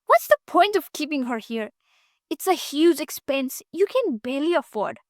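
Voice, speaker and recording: A woman voicing a greedy, demanding middle-aged aunt who speaks loudly and pushily in an audiobook story. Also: high-pitched, big pitch swings, normal speed, no echo, clean studio sound, pitched above the performer's own voice. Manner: demanding and loud.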